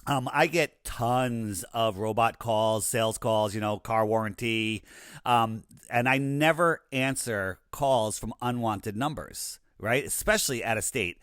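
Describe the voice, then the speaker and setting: A man chats casually as an interview guest, his voice sitting at a middle pitch. He tells anecdotes in an animated way, acting out the lines he quotes. The sound is dry and close, with no room around it. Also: a little slow, clear, resonant tone, no echo. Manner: animated storyteller, acts out quoted dialogue. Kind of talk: casual conversation.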